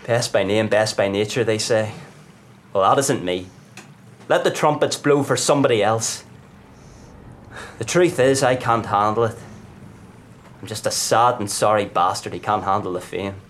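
A man's voice: on the low side, moderate pace, long pauses, slight background noise, close to an everyday voice. A man playing a brooding young drunk footballer star. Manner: bitter, self-mocking, brooding. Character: hard-drinking 24-year-old footballer star, tormented by fame. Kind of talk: live stage play performance. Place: pub performance.

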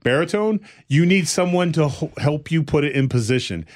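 A man's voice: a little high, lively intonation, normal speed. A male comedian telling stories in casual podcast chat, rambling a little and acting out the people he quotes. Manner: rambling, with restarts and fillers.

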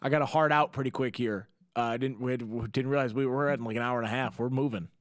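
A man hosting a casual podcast, talking in a rambling, jokey way with quick asides. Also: medium pitch, fairly even intonation, no echo, clean studio sound. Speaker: podcast host.

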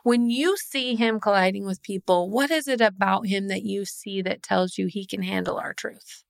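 A woman's voice: mid-range voice, normal speed, creaky, no echo, clean studio sound. A woman hosting a faith conversation, asking reflective questions and thinking aloud. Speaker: host, pastor at the church. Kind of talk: interview conversation.

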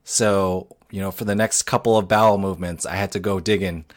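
Man, 30s, podcast co-host, rambling and self-deprecating, lowish voice. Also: fairly even intonation, fairly quick. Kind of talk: casual storytelling chat.

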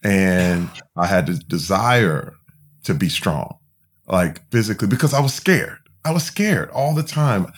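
A man's voice: low-pitched, animated, measured pace. A man from Flint, Michigan, speaking as a podcast guest, telling his own story candidly and emphatically, full of fillers and restarts. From Flint, Michigan, USA.

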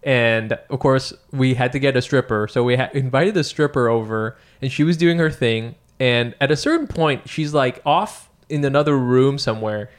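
A man's voice: medium pitch, moderate pace, hardly any pauses. A young man co-hosting a casual chat, joking and swearing freely as he tells stories.

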